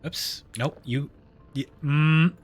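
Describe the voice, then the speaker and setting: A man's voice: a little high, fairly even intonation, slow. A man streaming live gameplay, chatting and laughing often, trailing off mid-sentence.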